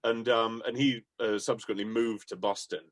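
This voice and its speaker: A man's voice: fairly low pitch, little pitch movement, moderate pace, no echo. A man telling enthusiastic, rambling anecdotes about his music career in a casual interview, laughing often. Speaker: musician guest.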